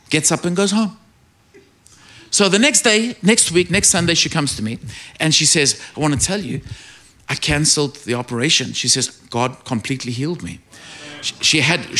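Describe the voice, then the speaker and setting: A middle-aged man preaches a sermon in a lively, swooping voice that sits a little high for a man. He tells his stories with animation and builds up to shouted praise.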